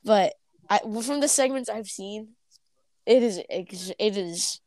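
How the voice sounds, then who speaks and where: A woman's voice: mid-range voice, a little slow, darkish tone, no echo. A woman co-hosting a podcast, casually recapping a cartoon episode, rambling with many fillers and restarts, giggling as she goes. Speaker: podcast co-host.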